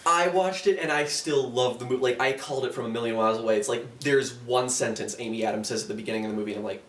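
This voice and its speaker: A young man co-hosting a casual film review chat, talking in an animated, rambling way full of restarts and fillers. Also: mid-range voice, quick pace. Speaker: podcast co-host. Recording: roomy, distant mic with faint ambience.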